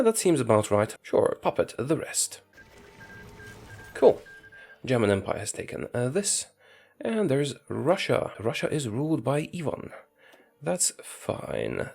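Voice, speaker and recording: A man's voice: mid-range voice, creaky, a little mellow. A man giving matter-of-fact commentary over a strategy game, thinking aloud as he plays. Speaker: gameplay commentator.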